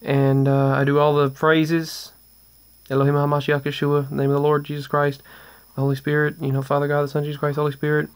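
Flat-voiced man recounting ghost encounters. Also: on the high side, brisk, smooth. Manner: rambling, with restarts and trailing asides. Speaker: vlogger. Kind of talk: casual paranormal storytelling.

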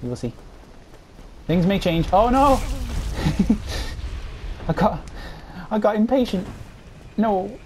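An unhurried, giggly gamer voice narrating their own play in casual commentary. They swear freely and yelp excitedly when a fight turns. A faint hiss sits under the voice. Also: mid-range voice. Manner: excitable outbursts during fights.

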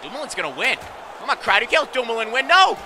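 High, excitable young man gaming. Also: fast talker, noisy background. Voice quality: frequent voice cracks. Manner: shouting and cheering at goals. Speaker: gaming commentator. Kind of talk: excited play-by-play of a video game.

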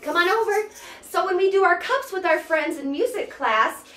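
Music teacher for toddlers, bright high sing-song woman, roomy echo. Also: animated, normal speed. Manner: bouncy sing-song counting and chanting. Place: indoor room, sitting on floor.

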